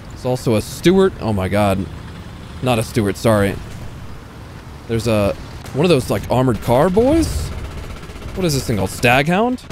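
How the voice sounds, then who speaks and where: A man's voice: lowish voice, darkish tone. A young man giving casual, self-mocking live commentary while playing a tank game, swearing and talking to himself. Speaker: gaming YouTuber. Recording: faint game noise behind. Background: game gunfire and vehicle sounds.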